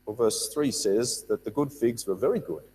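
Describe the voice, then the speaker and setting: A man teaching a Bible study, reading scripture aloud and explaining it with lively emphasis and repeated words. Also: medium pitch, normal speed, in a large hall, slight background noise.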